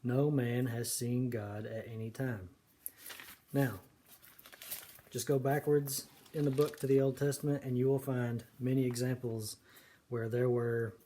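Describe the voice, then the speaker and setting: A man giving casual, earnest commentary on scripture, stressing key words slowly. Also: mid-range voice, dark tone. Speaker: video preacher.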